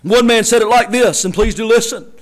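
A man preaching a sermon, acting out quotes and shouting key lines for emphasis. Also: very high-pitched, a little fast. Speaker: pastor.

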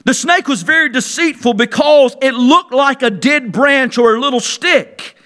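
High bright-voiced preacher shouting and dropping low. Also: male voice, a little slow. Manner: swings between loud shouted emphasis and sudden quiet drops. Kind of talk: sermon.

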